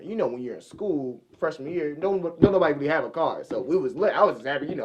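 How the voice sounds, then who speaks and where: A young man co-hosting a podcast, telling a casual story and acting out loud, high-pitched outbursts. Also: animated, quick pace, hardly any pauses, highs cut off, slight background noise. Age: young adult. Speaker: podcast co-host.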